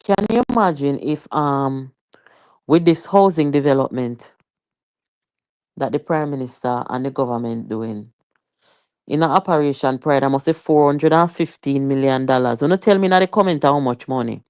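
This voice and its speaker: A woman's voice: a bass voice, normal speed, darkish tone, clear, resonant tone, no room sound, clean studio sound. A Jamaican woman hosting a live political commentary stream, chatty and emphatic, with rhetorical questions and patois asides.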